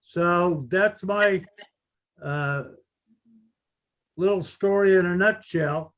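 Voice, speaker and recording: A slow, deliberate older man with a fairly high voice, recounting a battle in unscripted talk. He halts often and leans on fillers as he pieces his account together. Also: a bit bright. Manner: halting, full of uh fillers. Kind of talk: unscripted recollection.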